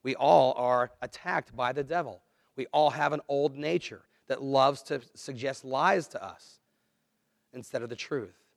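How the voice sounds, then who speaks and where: A man preaching a sermon, earnest and conversational, swinging between quiet, low asides and louder, emphatic lines. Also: a little slow, vocal fry, no room sound, studio quality. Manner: earnest, conversational preaching with dramatic dips and swells. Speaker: pastor.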